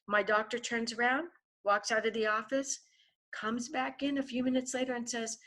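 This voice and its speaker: A woman's voice: fairly high pitch, little pitch movement, normal speed, pushed and bright. A woman guest author telling a vivid story in a podcast interview, often turning to the host by name.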